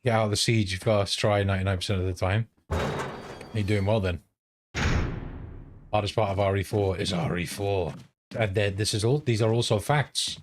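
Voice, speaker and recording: A man's voice: lowish voice, steady tone, moderate pace, long pauses, noisy background. A British man streaming a game, chatting casually with viewers, swearing freely and humming to himself. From Britain. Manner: chatty, profane, hums to himself. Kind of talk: casual gameplay stream chat.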